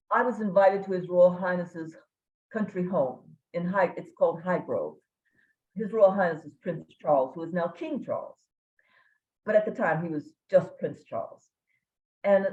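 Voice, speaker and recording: An older woman from Kentucky giving a guest lecture, telling a humorous story with dramatic pauses. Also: lowish voice. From Kentucky, USA. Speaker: guest speaker. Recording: echoey room, tinny phone-like sound.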